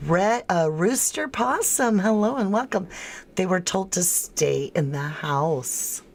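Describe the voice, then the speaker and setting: Low, slow-talking woman hosting a livestream. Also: animated, vocal fry. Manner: talkative, incredulous, thinks aloud and answers chat by name. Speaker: true crime livestream host. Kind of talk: casual livestream commentary reading viewer comments.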